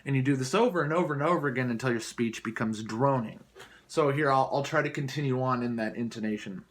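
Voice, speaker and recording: A vlogger with a slightly high, somewhat bright voice delivers improvised, single-take commentary that is mocking, sarcastic, and rambling. The camera is placed below him.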